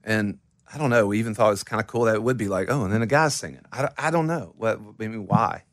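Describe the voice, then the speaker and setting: Male interviewee, lowish voice, dry studio sound, chatty and rambling. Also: fast talker, dry recording. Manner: rambling, lots of restarts and fillers. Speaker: band member interviewee. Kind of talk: casual interview talk.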